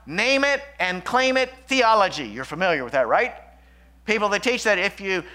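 A man preaching a sermon as pastor, shifting between loud emphatic lines and hushed, slow passages. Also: high-pitched, big pitch swings.

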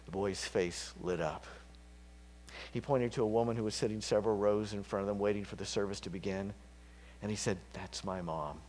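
A man preaching a sermon, casual and chatty, dropping to whispers and climbing to loud, fervent peaks. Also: lowish voice, steady tone, a little fast. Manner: conversational, with fillers and slips.

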